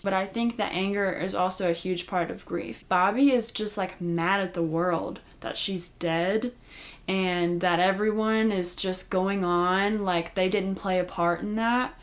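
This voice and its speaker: A woman's voice: mid-range voice, moderate pace. A woman giving a casual, chatty recap of a TV episode, with lots of "like" and "you know". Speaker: recap host.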